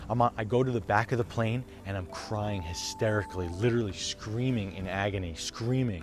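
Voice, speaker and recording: Speaking to camera, a young male vlogger tells a raw, emotional story, swearing freely. His voice is fairly low and fairly quick with hardly any pauses, dropping to a hush and then rising loud.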